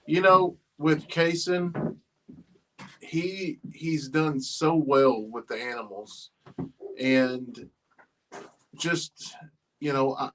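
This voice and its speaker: A middle-aged man, hosting a casual livestream chat about his farm and family, rambling and halting with many fillers. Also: medium pitch. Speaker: farm channel host.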